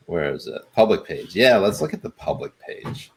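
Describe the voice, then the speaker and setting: A man's voice: low voice, lively intonation, moderate pace. A man co-hosting a podcast, chatting casually and laid-back with plenty of ums. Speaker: podcast co-host. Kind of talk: casual chat.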